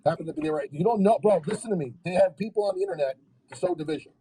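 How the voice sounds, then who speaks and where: A man's voice: sits high, expressive, very fast, warm tone, slight background noise, rough recording. A man on a livestream, arguing heatedly and rebutting comments he reads aloud.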